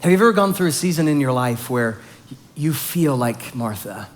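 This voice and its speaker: A man's voice: mid-range voice, expressive, normal speed. A male pastor preaching a sermon, explaining scripture in a conversational way and building emphasis on key points.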